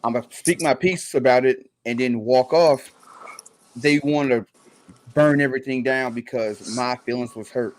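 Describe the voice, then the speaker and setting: A man co-hosting a podcast in a mid-pitched voice. He explains things steadily and plainly, pausing on an occasional "um". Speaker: podcast co-host. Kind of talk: casual explaining.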